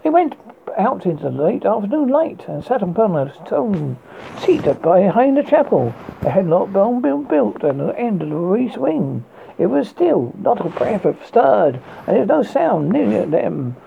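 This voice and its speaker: A man with a British accent, a horror podcast host giving a dramatic, measured reading of a ghost story. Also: high-pitched, very animated, gravelly, slight background noise. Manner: measured, slow narration with stumbles. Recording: tinny phone-like audio.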